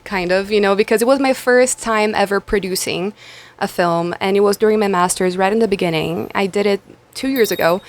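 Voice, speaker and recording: Chatty Brazilian woman with light accent. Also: medium pitch. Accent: light Brazilian Portuguese. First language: Portuguese. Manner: chatty, animated, many fillers. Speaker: actress and producer, guest. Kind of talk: casual interview chat.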